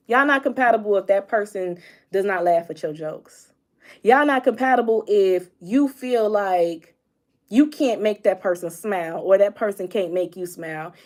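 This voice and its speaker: A woman's voice: mid-range voice, measured pace. Bubbly young woman chatting to camera. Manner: bubbly, animated, laughs often, talks straight to her viewers. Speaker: vlogger giving relationship advice. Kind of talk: casual direct-to-camera chat.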